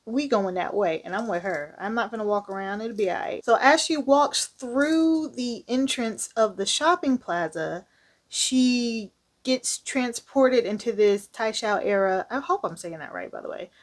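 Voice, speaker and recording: A woman reviewing a manga, retelling the plot in a casual, slangy style with candid asides. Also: mid-range voice.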